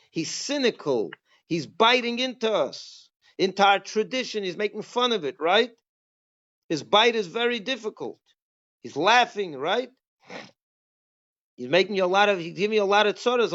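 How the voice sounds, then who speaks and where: A man's voice: high voice, lively intonation, normal speed, a bit bright, highs cut off. A man, a rabbi, giving a Passover class, teaching emphatically with many rhetorical questions.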